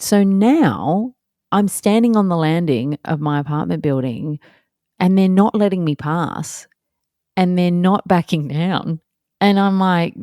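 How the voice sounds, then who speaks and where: An Australian woman in her thirties tells a story from her own life in a low, mellow voice. She recounts it with animated exasperation and acts out each person's lines. The recording is close and dry, with no room sound. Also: a little slow, dry recording. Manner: animated, exasperated retelling with acted-out quotes. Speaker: podcast host. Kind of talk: casual storytelling monologue.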